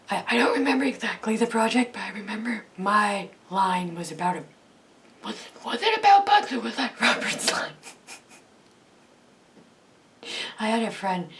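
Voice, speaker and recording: A young woman with a raspy, breathy voice chatting casually in a vlog, rambling and cutting herself off with frequent laughs. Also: medium pitch. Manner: rambling, self-interrupting, laughs often. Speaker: YouTuber.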